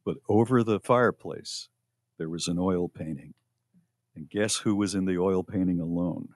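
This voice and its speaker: Radio host, man, low voice, easygoing rambling chat, dry studio sound. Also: normal speed, no room sound. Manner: relaxed, rambling storyteller. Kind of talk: casual podcast chat.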